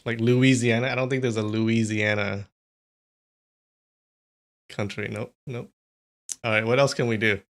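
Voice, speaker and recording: A man's voice: mid-range voice, fairly even intonation, measured pace, long pauses, fairly bright tone. Chatty man hosting a live stream. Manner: chatty, amused, talks to chat. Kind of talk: casual live-stream chat.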